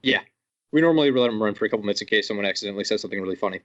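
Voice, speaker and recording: A man hosting a podcast, trading quick, joking banter in casual chat. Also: lowish voice, lively intonation, fairly bright tone, highs cut off. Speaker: podcast host.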